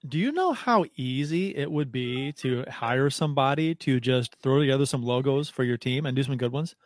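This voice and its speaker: Male co-host, middle pitch, loose and chuckling, disbelieving tone, dry close recording. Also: expressive, moderate pace, no echo. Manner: incredulous, laughs easily, restarts often. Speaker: podcast co-host. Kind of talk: casual hockey podcast chat.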